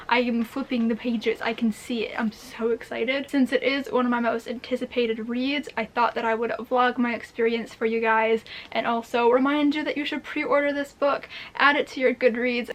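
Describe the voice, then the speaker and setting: A young woman, chatting excitedly in a casual book vlog. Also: fairly high pitch. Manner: gushing, excitable, says "oh my god" often. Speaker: book vlogger.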